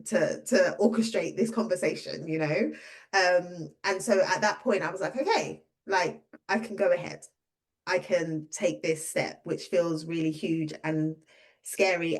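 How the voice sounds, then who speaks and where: A woman in her thirties, a business owner and coach, telling a personal story in a casual conversation and acting out the dialogue. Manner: lively, acts out quoted dialogue with pitch jumps.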